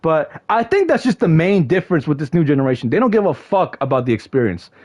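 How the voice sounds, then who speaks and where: Young dude streaming, high voice swinging all over, yells a lot, says bro every other line. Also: male voice, fast talker. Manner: excitable, shouts in mock frustration, slangy with lots of "bro". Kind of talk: casual livestream chat to viewers.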